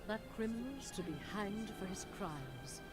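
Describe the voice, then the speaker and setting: A woman's voice: mid-range voice, lively intonation, normal speed, over loud music, close to an everyday voice. A woman voicing a scheming, manipulative mother figure in a game cutscene, theatrically condescending. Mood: scornful. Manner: theatrical, condescending, sweetly cruel. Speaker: game character.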